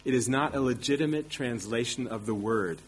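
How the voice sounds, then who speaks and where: A man's voice: medium pitch, moderate pace, husky. A man preaching a sermon, teaching emphatically with rhetorical questions and self-deprecating asides.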